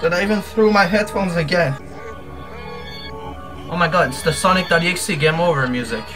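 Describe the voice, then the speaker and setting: Jumpy man yelling over game music. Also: fairly high pitch, brisk, low-quality recording. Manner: jumpy, exclaiming and yelling at scares. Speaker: gamer playing a horror fan game. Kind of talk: let's play commentary.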